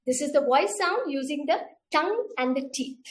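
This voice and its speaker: A woman's voice: high-pitched, lively intonation, normal speed, hardly any pauses. A middle-aged woman with an Indian English accent leading an online teaching webinar, patiently demonstrating sounds and repeating each step. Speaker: teacher trainer. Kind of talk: webinar instruction.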